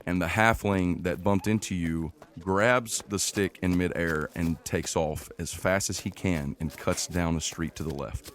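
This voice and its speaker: A man's voice: low-pitched, steady tone, measured pace, hardly any pauses. A man running a tabletop game as game master, narrating the scene in a playful, teasing way.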